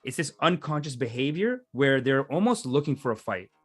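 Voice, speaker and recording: A man's voice: mid-range voice, very animated, normal speed, slightly rough, faint music behind. A man hosting a livestream, giving casual, rambling commentary and laughing often. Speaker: livestream host.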